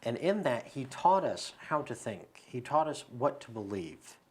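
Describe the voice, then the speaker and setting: A man's voice: mid-range voice, big pitch swings, unhurried, a little mellow. Man, podcast guest, storytelling, philosophical, studio mic. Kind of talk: casual podcast conversation. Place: recording studio.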